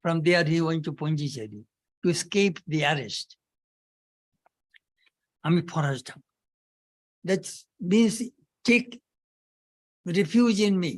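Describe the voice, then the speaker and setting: A man's voice: on the high side, big pitch swings, moderate pace. A man giving a spiritual talk as a swami, telling stories and repeating key words for emphasis.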